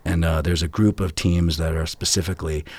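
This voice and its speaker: A middle-aged man from California telling a personal faith story in a casual group chat, animated and talking with his hands. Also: sits low, fairly quick, slightly rough, no echo. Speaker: church member sharing a testimony.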